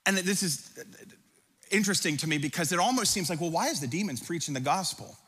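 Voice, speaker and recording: A pastor preaching a sermon, reading scripture aloud with dramatic emphasis and breaking into conversational asides. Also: male voice, sits high, fast, pushed and bright, slightly rough. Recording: long hall reverb.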